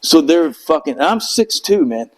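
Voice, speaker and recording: A man's voice: fairly high pitch, big pitch swings, a little slow, low-quality recording. A middle-aged man telling a rambling, profane story in casual chat, acting out quotes in raised voices. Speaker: Marine veteran guest.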